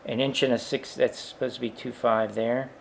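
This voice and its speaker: A man's voice: medium pitch, flat delivery, normal speed, creaky, a little hiss or hum. A man teaching a worked engineering example, thinking aloud with frequent fillers and asides. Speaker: engineering instructor.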